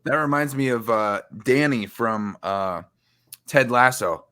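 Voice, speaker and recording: A man's voice: mid-range voice, slow, a bit bright, clear, resonant tone. A man co-hosting a podcast, jokey and easygoing in casual chat. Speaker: podcast co-host.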